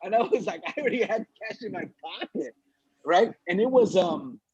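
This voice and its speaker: A comedian from Los Angeles telling a story in casual chat, animated and profane, acting out the people he quotes. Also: high-pitched, moderate pace, husky. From Los Angeles, USA. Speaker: comedian podcast co-host. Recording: dull lo-fi dry sound.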